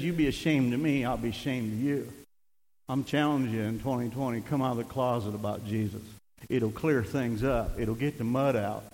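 An older man preaching a sermon as pastor, swinging between emphatic shouting and hushed, conversational asides. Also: mid-range voice, long reverb tail, poor audio.

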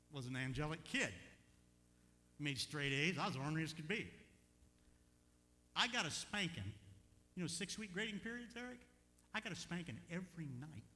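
An older man preaching a sermon as pastor, telling a personal story with animated swings from quiet asides to loud, emphatic peaks. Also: on the high side. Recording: echoey hall with faint hum.

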